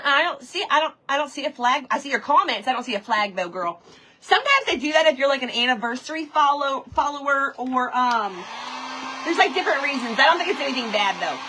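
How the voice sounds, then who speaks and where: A high-pitched, bright-toned woman chats casually on a live stream. She tells an animated story and keeps breaking off to greet viewers by name, full of y'alls. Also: rough recording. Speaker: livestream host. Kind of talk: casual storytelling while reading live comments.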